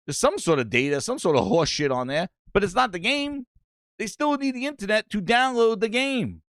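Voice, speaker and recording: A man's voice: high-pitched, moderate pace, no room sound. Male podcast host, profane live-stream rant, dry close sound. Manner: animated, profane, reads chat aloud.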